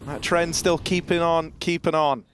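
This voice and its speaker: A man casting a live esports match, animated and self-deprecating in the banter. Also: fairly high pitch, moderate pace, a little hiss or hum. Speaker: esports caster.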